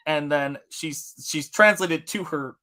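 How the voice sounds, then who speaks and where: A man from Tennessee chats through a story on his live art stream. His voice sits a little high and comes across bright and forceful. He laughs often and swears freely as he talks. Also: slow. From Tennessee, USA. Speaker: artist hosting a live stream. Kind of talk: casual storytelling chat.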